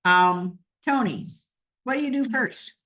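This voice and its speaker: A woman's voice: on the high side, lively intonation, unhurried, fairly bright tone. A woman hosting a casual team talk, chatty and joking, with frequent fillers. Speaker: host. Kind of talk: casual team meeting chat.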